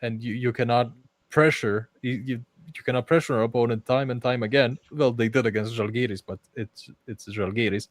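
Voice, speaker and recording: A man hosting a casual football podcast, talking in an animated way and often restarting his sentences. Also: mid-range voice, a little fast, dry recording. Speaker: podcast host.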